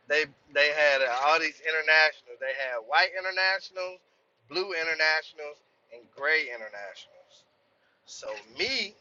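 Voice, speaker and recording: A man's voice: fairly high pitch, bright, forceful tone, muffled recording, slight background noise. A man vlogging from inside his truck cab, telling a rambling, profane story in casual talk and saying "man" a lot.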